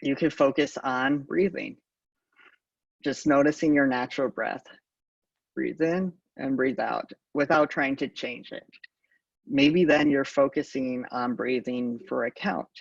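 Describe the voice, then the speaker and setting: A man giving a calm conference talk on mindfulness, halting often with ums, recorded from a distance on a dull lo-fi recording. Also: mid-range voice, vocal fry, dry recording. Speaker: conference speaker.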